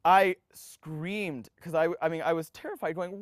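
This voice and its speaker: A young man in his twenties recounts his past in an interview, his voice fairly high for a man. He tells it in an animated way, often restarting his sentences and briefly acting out other people's voices. The sound is dry and close, with no room around it. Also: measured pace, no echo. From United States. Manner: animated, acts out quoted voices, frequent restarts. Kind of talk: personal storytelling interview.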